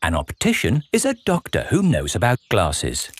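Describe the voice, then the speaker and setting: A woman's voice: a bass voice, wildly swooping pitch, moderate pace, no room sound. Sing-song woman narrating a children's cartoon. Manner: clear, storybook. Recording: narration with music behind.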